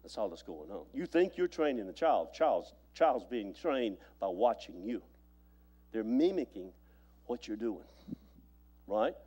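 A man's voice: on the low side, big pitch swings, unhurried, warm tone, breathy edge. A man preaching a sermon as pastor, telling stories with repeated phrases and stammered restarts.

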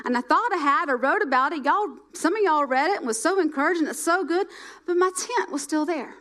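A middle-aged woman delivers a sermon in a high voice. She repeats lines for emphasis and swings between loud, emphatic phrases and hushed, near-quiet ones. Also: animated, a little fast. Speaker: preacher.

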